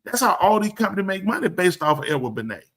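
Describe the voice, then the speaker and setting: Animated man with a drawl. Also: sits high, fast talker. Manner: animated, emphatic storyteller. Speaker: show host. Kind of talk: live show casual talk.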